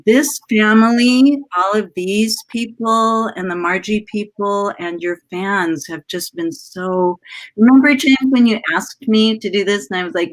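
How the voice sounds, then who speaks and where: A woman's voice: medium pitch, a little slow. A woman talks over a video call, her voice gushing and emotional. She rambles from one thought to the next in a loose, casual way. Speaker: letter writer for the show and actress.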